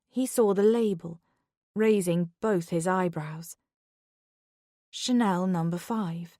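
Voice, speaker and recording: Calm woman narrating an audiobook. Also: mid-range voice, no room sound, studio quality. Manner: calm, measured reading.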